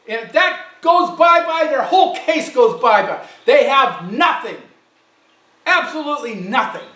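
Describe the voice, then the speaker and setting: A man delivering an angry, loud and emphatic political rant as a commentator. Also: very high-pitched, reverberant, recorded from a distance, rough recording.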